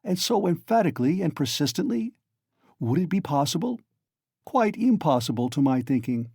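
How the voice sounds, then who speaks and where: A man's voice: a little high, sing-song, moderate pace, darkish tone, slightly rough, dry recording, studio quality, exaggerated voice. A man reading aloud and voicing a sly, genial male magistrate who coaxes and teases with mock friendliness. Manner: coaxing, insinuating, mock-friendly.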